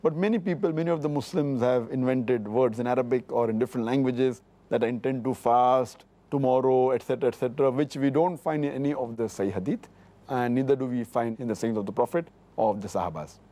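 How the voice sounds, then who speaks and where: With a mellow, medium-pitched voice, a middle-aged man who is an Islamic scholar answers questions on religious rulings. His delivery is measured; he cites hadith by book and number precisely and repeats himself for emphasis.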